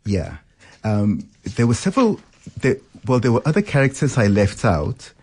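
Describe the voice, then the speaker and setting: A man's voice: mid-range voice, huge pitch swings, moderate pace, darkish tone, husky. A man, a novelist, being interviewed on radio and answering thoughtfully about his writing. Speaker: novelist guest.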